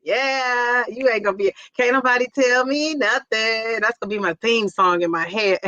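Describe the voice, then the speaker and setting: Her voice sits fairly high and sounds bright and forceful at a normal pace, captured in a dry but dull-sounding recording. She's a middle-aged livestream host who chats away, reads out viewers' comments, laughs a lot and keeps saying "Jeez Louise."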